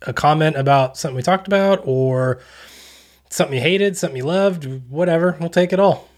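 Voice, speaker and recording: An American man from Texas, a podcast co-host in casual chat, upbeat and quick to laugh. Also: a little high.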